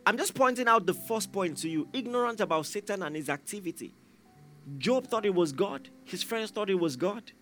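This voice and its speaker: Emphatic male preacher over soft music. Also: animated, normal speed. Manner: emphatic, repeats key phrases; acts out quoted lines with raised pitch. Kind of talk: sermon. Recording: faint instrumental music behind.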